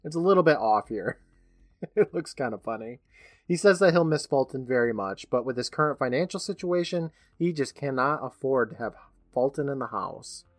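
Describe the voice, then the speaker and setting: A podcast co-host recaps an episode in casual chat, his mid-range voice moving at a normal pace on a dry recording. He tells the story with animation, laughs often and acts out lines.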